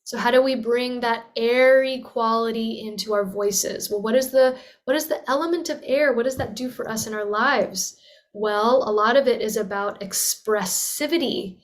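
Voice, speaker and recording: A young woman teaches voice in an earnest, flowing way, with a fairly high speaking pitch. She breaks off to demonstrate with sighs and sung vowels. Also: moderate pace. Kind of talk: teaching talk with vocal demonstrations.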